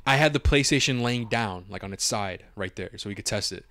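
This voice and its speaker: A young man on a podcast telling a long story in casual chat, animated, swearing freely and acting out what everyone said. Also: on the low side, a little fast, clear, resonant tone, no room sound. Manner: animated, swears a lot, acts out his own quotes. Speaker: podcast co-host.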